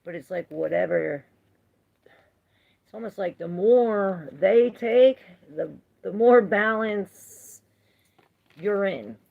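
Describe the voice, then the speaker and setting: A woman's voice: mid-range voice, takes it slowly, creaky, long pauses, narrow, tinny audio. A woman giving a live tarot reading, chatting with viewers, reading their comments aloud and laughing often. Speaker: tarot reader.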